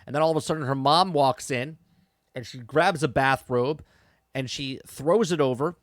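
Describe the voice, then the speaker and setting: A man talks through an episode in a loose, chatty recap, often restarting his sentences and checking in with the listener. His voice sits at an ordinary middle pitch. It is recorded close and dry, with no room sound around it. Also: normal speed, dry recording. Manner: chatty, repeats words and restarts, frequent "okay?" and "right?" asides. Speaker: podcast host reviewing a TV episode. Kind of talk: casual recap and commentary.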